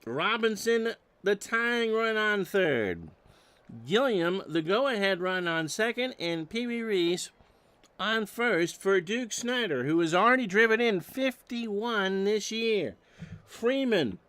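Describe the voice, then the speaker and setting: A man doing solo play-by-play of a simulated old baseball game, reading stats with dry jokes and getting loud on big plays. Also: high-pitched, lively intonation, slow pace, smooth. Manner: dry joking asides between stats, erupts on big plays. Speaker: play-by-play announcer.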